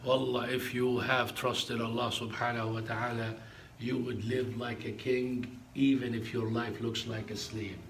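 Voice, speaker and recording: A man's voice: mid-range voice, little pitch movement, a little slow, slight background noise. A man, an imam, preaching a sermon in an emphatic storytelling way, dropping in Arabic phrases.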